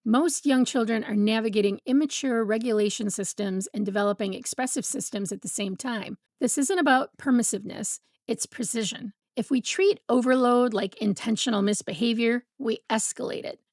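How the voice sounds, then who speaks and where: A woman with a slightly high voice explains parenting strategies in a calm, measured way. Her delivery is steady and explanatory, and the sound is dry and close. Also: dry recording. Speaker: parenting educator. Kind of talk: scripted educational talk to camera.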